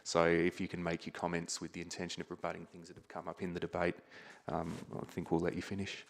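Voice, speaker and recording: An Australian man, a mayor chairing a council meeting, giving a measured procedural ruling with some hesitation. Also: sits low, completely flat delivery, vocal fry.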